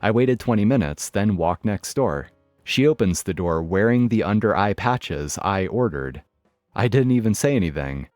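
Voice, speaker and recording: A man's voice: lowish voice, animated, moderate pace, a little mellow, no echo. A man narrating online stories in a wry, matter-of-fact scripted style. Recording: dry studio voice with faint music. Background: faint background music.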